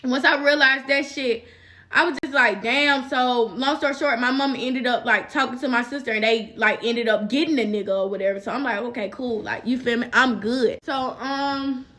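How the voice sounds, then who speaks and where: A young woman with a high, bright voice tells a story on her vlog. She talks in a loose, profane way and keeps reaching for fillers. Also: fairly even intonation, normal speed. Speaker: vlogger. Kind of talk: casual storytime.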